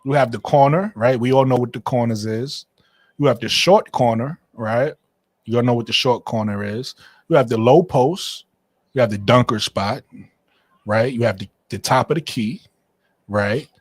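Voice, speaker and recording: A man's voice: medium pitch, normal speed, no echo, studio quality. A man hosting a casual livestream panel, teasing and emphatic, hammering points home with repeated questions. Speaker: livestream host.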